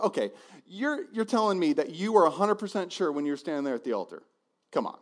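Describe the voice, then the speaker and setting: A man's voice: on the high side, brisk. A man preaching a sermon as a pastor, telling a personal story and acting out the voices of the people in it. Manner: animated, acts out voices in his stories.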